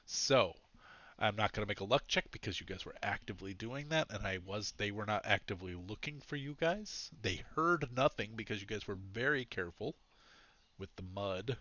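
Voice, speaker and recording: A man's voice: on the low side, expressive, moderate pace, sharp tone, dry recording, lo-fi sound. A man narrating as game master of a tabletop game, chatty, laughing often, with many fillers.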